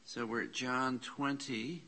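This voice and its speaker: A man's voice: medium pitch, steady tone, slow, pushed and bright. A man teaching a classroom lesson on Bible Greek in a church classroom, patiently spelling out letters and parsing words aloud.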